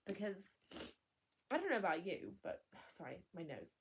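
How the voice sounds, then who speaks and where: A woman's voice: fairly low pitch, big pitch swings, moderate pace, a little hiss or hum. A young woman vlogger chatting candidly, rambling and cutting herself off with laughs. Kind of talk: casual chat.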